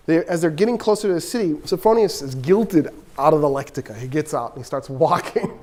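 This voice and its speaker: A male political science professor from Texas tells history as a lively story and acts out the characters' dialogue. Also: a little high, fast talker, few pauses. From Texas, USA. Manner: animated, acts out quoted dialogue. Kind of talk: storytelling lecture.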